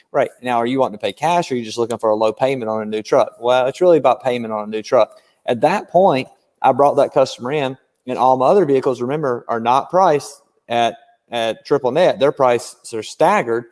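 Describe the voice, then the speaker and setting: A man's voice: mid-range voice, a little fast. Man explaining with a long room reverb. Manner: animated storyteller, explains with examples. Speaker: guest car-dealership trainer. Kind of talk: casual podcast chat.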